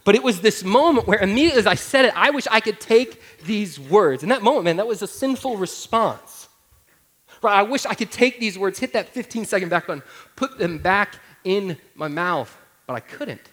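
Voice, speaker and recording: A man's voice: high-pitched, animated, normal speed, a bit bright. A man in his thirties, a pastor preaching a sermon through a humorous personal story, talking to the listeners directly in a conversational way.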